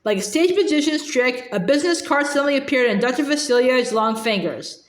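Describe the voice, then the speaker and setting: A woman reads a children's novel aloud, narrating steadily with the odd stumble and restart. Her voice sits a little high. The room around her adds a clear echo. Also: lively intonation, a little fast. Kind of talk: storybook read-aloud. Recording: echoey room.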